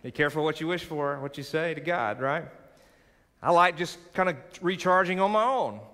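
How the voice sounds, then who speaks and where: A bright, forceful man preaches from the front of a sanctuary, his voice carrying on a long hall reverb. He pushes his points with rising emphasis and calls on the congregation to respond. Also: on the high side, normal speed. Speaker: pastor. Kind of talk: sermon. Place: large church sanctuary.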